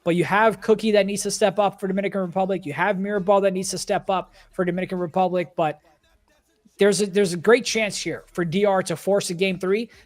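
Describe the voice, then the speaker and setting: A man commentating an esports basketball match, breaking down stats and plays in a steady, analytical way. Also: sits high, a little fast. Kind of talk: sports commentary.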